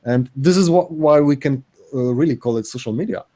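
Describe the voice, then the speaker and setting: A middle-aged man co-hosting a live stream in casual chat, speaking haltingly with frequent restarts and self-corrections. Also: medium pitch, mellow. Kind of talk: casual chat, reading out chat comments.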